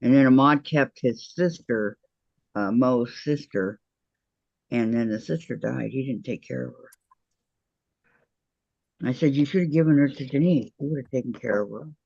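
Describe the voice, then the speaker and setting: A man's voice: mid-range voice, moderate pace, gravelly, pauses often, darkish tone, slightly rough, dry recording, muffled recording. A man co-hosting a crafting livestream, making easygoing offhand remarks in casual chat.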